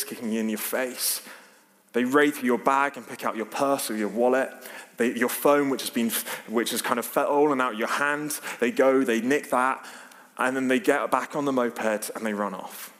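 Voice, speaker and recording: A man's voice: mid-range voice, a bit bright. A man giving an informal sermon, chatty and full of fillers and restarts. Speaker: preacher. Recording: long hall reverb.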